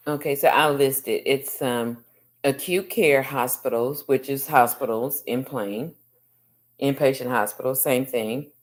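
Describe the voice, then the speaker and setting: A woman teacher going over chapter questions with a student, repeating each answer slowly and encouraging with many mm-hmms. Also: rumbling low. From United States. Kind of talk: class review of chapter questions.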